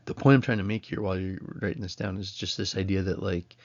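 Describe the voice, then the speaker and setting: A man's voice: low-pitched, fairly even intonation, fast, dull audio. A man, giving a casual recorded college lecture at home in a rambling, self-interrupting way. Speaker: college instructor.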